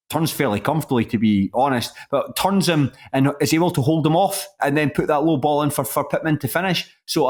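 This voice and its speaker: Rambling Scottish man talking football. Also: medium pitch. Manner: rambling, hesitant, many restarts. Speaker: podcast host. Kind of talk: casual football chat.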